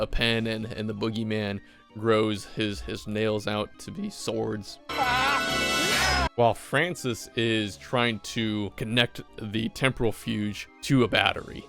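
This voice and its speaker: A man's voice: fairly low pitch, vocal fry, fairly bright tone. A man casually recapping a movie with profane, rambling enthusiasm.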